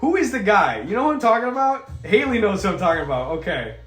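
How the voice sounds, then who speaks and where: A man's voice: sits high, big pitch swings, quick pace, a bit bright, soft background music. Rambling chatty man, echoey room. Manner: rambling, swearing, jokey asides. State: a bit sick. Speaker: streamer reading chat. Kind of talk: casual livestream chat.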